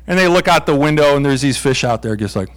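A man's voice: on the high side, animated, quick pace. A man preaching a sermon in a playful way, acting out little exchanges between characters. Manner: playful, acts out voices of God and Job.

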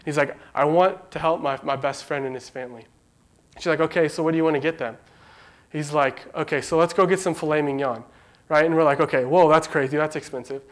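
A man's voice: fairly high pitch, fairly even intonation, a little fast. A young man giving an informal devotional talk, telling a story in a chatty way, full of likes and rights.

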